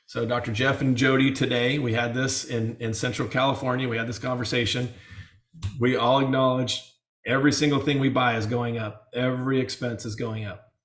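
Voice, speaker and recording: A man's voice: medium pitch, level tone, a little fast, fairly bright tone. A man coaching dentists in casual webinar talk, earnest, often repeating and restarting words. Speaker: dental practice coach. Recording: roomy echo.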